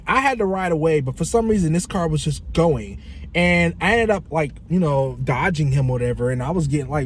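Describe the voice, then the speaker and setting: A man telling a story in a casual vlog, animated and profane, imitating his friend in shifting voices. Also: on the high side, a little hiss or hum. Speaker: vlogger.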